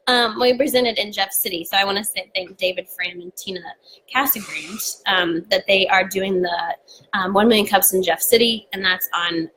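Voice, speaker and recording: A woman's voice: medium pitch, steady tone, moderate pace, bright, forceful tone, slight background noise, poor audio. A woman co-hosting a podcast live stream in a casual, chatty way, full of "like" and "um.". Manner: chatty, with frequent "like" and "um". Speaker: podcast co-host.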